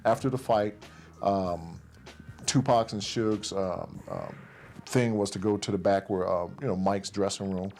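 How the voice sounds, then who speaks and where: A man with a fairly low voice tells a story in a loose, conversational way. He slips into the present tense and acts out what others said. A clear music bed plays under his words. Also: expressive, measured pace, darkish tone. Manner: recounts events in present tense, voicing others' lines. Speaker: interviewee recounting events. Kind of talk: casual storytelling.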